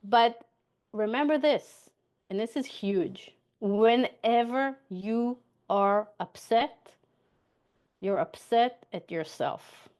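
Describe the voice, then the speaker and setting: A woman's voice: a little high, takes it slowly, darkish tone. A woman giving a motivational coaching talk, chatty, repeating her points and checking in with "okay?".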